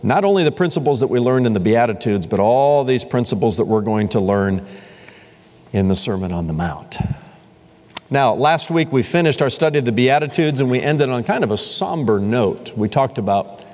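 A man preaching a sermon as pastor, expressive, building to emphatic peaks and slowing for key phrases. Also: medium pitch. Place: church sanctuary. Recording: long hall reverb.

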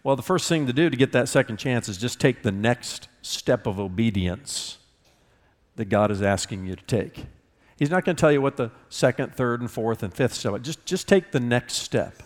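A man's voice: medium pitch, lively intonation, moderate pace. Earnest preaching man in a reverberant hall. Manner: earnest, conversational preaching with dramatic quoted dialogue. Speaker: pastor. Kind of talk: sermon.

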